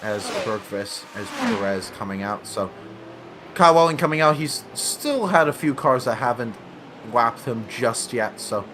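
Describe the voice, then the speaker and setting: Bright-voiced man commentating a sim race. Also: medium pitch, moderate pace, slight background noise. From United States. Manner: excitable, self-correcting, laughs along.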